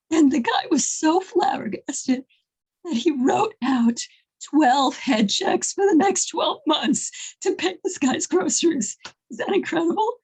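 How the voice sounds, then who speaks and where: A woman casually telling an inspirational faith story, animated and often restarting her phrases. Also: sits high, measured pace, low-quality recording.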